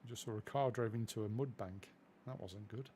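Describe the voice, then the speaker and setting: A man's voice: on the low side, normal speed, warm tone, a little hiss or hum. A man from England chatting casually through a flight simulator live stream, self-deprecating and easily distracted.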